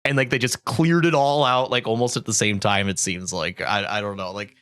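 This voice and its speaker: A man's voice: fairly low pitch, steady tone, fairly quick, fairly bright tone, no room sound. A man hosting a casual podcast chat, talking hesitantly with many restarts.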